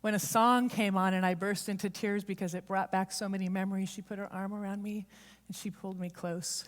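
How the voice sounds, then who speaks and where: A woman giving a heartfelt, confessional storytelling sermon at church, speeding up and slowing down for emphasis. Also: medium pitch, fairly even intonation. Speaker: church speaker. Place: church sanctuary. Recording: long reverb of a large hall.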